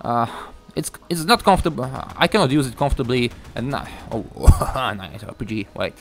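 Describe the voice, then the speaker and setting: A man's voice: medium pitch, sing-song, fairly bright tone. Frustrated young man ranting over gameplay. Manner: swearing, frustrated, halting with many fillers. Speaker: gaming YouTuber.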